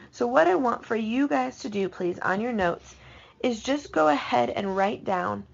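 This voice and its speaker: A woman teaching a recorded language lesson, patiently explaining and slowing down to spell out each example. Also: on the high side, animated, vocal fry. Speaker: Spanish teacher. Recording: dull lo-fi recording.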